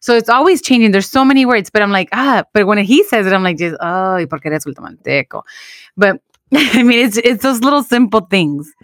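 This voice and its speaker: A woman's voice: on the high side, brisk, dry recording, studio quality. A woman in her thirties, co-hosting a podcast, chatting in a laid-back way and mixing English with Spanish. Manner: laid-back, bilingual banter. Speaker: podcast co-host. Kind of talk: casual chat.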